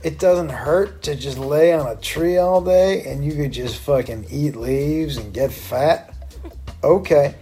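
A man's voice: on the high side, takes it slowly, warm tone, soft background music. A man in a stoned state, rambling through a profane, tangent-filled commentary.

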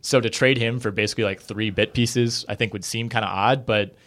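This podcast co-host chats conversationally about basketball trades, hedging with lots of fillers. His voice sits on the low side with fairly even intonation and a fairly bright tone, moving a little fast.

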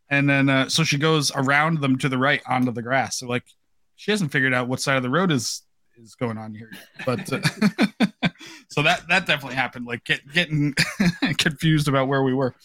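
A man's voice: mid-range voice, sharp tone. An American man hosting a podcast over a video call, telling rambling stories with frequent laughter. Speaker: podcast host. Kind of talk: casual chat.

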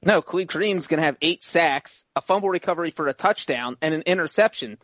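A man's voice: a little high, animated, a bit bright, no echo, muffled recording. A man co-hosting a sports podcast, talking casually and playfully as he makes his picks and defends them. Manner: playful, rambling, quick to defend himself. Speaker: podcast co-host, grader.

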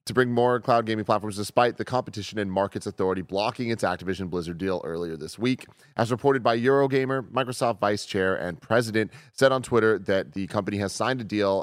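Male podcast host, lowish voice, reads news then riffs casually; dry close mic. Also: no room sound. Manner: reads stories aloud, then jokes with lively swearing.

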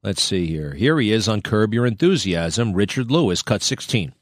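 A man's voice: fairly low pitch, expressive, normal speed, no room sound. A male podcast host giving a rambling, chatty monologue with asides, recorded close on a studio mic. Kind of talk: casual monologue.

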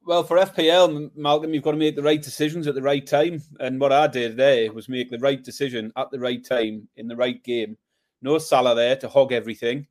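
A man's voice: medium pitch, steady tone, a little fast, darkish tone. A man co-hosting a podcast, speaking in a dry, matter-of-fact way in casual chat. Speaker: podcast co-host.

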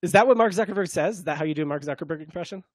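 A man's voice: on the high side, racing, no room sound, clean studio sound. A young man co-hosting a casual sports chat, reacting to clips with playful laughs. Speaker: co-host.

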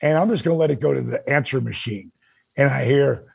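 An older man hosting a talk show, telling stories in an animated way and acting out the quotes. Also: brisk, gravelly, slightly rough, no echo. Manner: acts out quotes with big pitch jumps. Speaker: podcast host telling stories. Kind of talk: animated storytelling.

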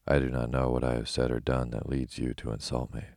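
A man voicing a proud, fussy yellow hen in a storybook reading, prim and easily offended. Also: extremely low pitch, completely flat delivery, fairly quick, gravelly, no room sound, clean studio sound.

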